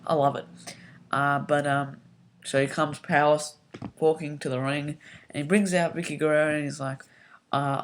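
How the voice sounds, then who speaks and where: A YouTuber casually recapping a wrestling show, talking in a rambling, hesitant way full of um and like, and getting loud and excitable when worked up. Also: mid-range voice, normal speed, pauses often, slight background noise.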